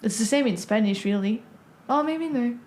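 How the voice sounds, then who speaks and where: A woman's voice: fairly high pitch, expressive, normal speed, darkish tone. A woman with a French accent co-hosting a podcast, explaining her points thoughtfully in English. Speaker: podcast co-host. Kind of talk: casual podcast chat.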